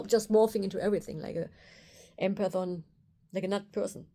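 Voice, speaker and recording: A woman tells a personal story straight to camera. Her voice is warm and mellow, and her delivery is candid and animated, and she often slips into quoting her own thoughts. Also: medium pitch, fast. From Germany. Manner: candid, animated retelling with quoted inner thoughts. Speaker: osteopath and video host.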